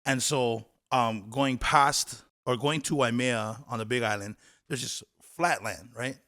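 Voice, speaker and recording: A man from Hawaii co-hosting a podcast, chatting casually in a relaxed, rambling way. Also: mid-range voice, unhurried. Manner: relaxed, laughing, rambling asides. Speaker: podcast co-host. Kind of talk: casual chat.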